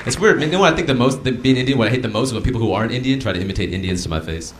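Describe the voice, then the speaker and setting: A man doing a stand-up comedy set, telling animated stories and putting on impressions of his mother. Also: mid-range voice, racing, slight background noise. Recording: live comedy club, roomy with crowd.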